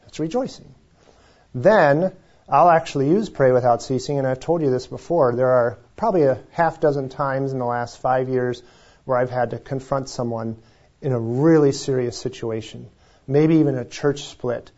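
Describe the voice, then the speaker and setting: A man's voice: mid-range voice, normal speed, a little mellow. Pastor guy giving a sermon, chatty and joking at himself, kinda dull lo-fi sound. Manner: conversational, self-deprecating preaching with asides.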